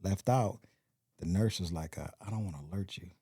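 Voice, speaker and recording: Low, dark-voiced man telling a story. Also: a little fast, husky, no echo. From Compton, California. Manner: rambling, animated retelling with quoted voices. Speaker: podcast guest. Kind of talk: storytelling in casual interview.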